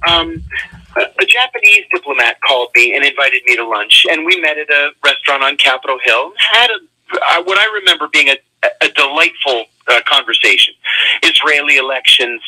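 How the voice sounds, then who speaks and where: A man, a radio interview guest, telling a personal story in an animated way with vivid swings of pitch. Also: brisk, rough recording.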